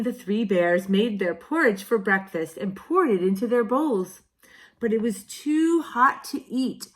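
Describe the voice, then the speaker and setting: A woman kindergarten teacher reading picture books aloud to young children, with a slow, sing-song, exaggerated storybook delivery and playful asides. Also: mid-range voice, a little hiss or hum.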